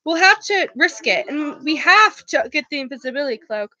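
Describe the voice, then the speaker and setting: A woman's voice: high voice, big pitch swings, normal speed, bright, forceful tone, full character voice. A woman reading aloud, voicing a determined young schoolboy making an urgent plan. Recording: dull, dry lo-fi recording.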